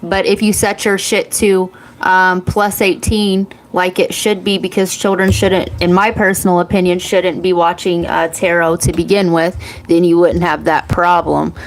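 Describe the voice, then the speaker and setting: A woman's voice: on the low side, level tone, moderate pace, few pauses, rough recording. A woman in her forties hosting a psychic reading channel, talking in a blunt, profane, rambling way and laughing often. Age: 40s.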